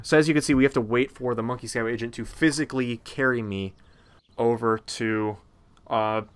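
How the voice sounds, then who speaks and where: A man's voice: medium pitch, a bit bright. A man casually narrating a game walkthrough, chatty and rambling with many ums and uhs. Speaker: gameplay narrator.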